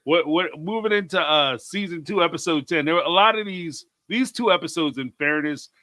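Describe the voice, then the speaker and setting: A man's voice: on the high side, fairly quick, bright, forceful tone, no echo. A man from Atlanta, hosting a casual chat and reading viewer comments. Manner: chatty, laughs often, reads viewer comments aloud. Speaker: host.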